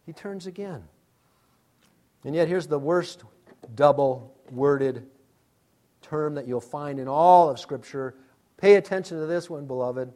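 A male pastor preaching a sermon, calling out names loudly and then dropping to a quiet, intimate hush. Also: medium pitch, measured pace, long pauses.

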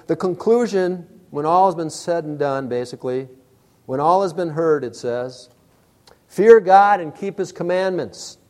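A middle-aged male pastor preaching a sermon, telling stories with acted-out exclamations. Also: medium pitch. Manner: storytelling, animated with acted-out exclamations.

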